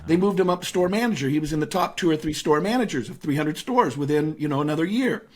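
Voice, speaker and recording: A middle-aged man as an interview guest, telling a personal story in a lively, storytelling way. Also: fairly high pitch, fast. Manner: animated storyteller who acts out voices in his anecdotes.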